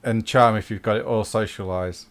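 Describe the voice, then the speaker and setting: Brisk man running a tabletop game. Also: lowish voice, fairly even intonation. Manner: brisk, laughs along with players. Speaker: game master. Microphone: online voice call.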